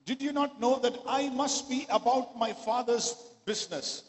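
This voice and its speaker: Man preaching a sermon, really high voice, big echoey church hall, gets shouty. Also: moderate pace. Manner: rises to shouting exclamations.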